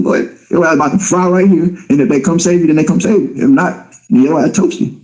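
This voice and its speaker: A man's voice: a little high, quick pace, darkish tone, rough recording. A man telling a story in blunt, profane street talk, as an interview guest. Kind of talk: casual storytelling.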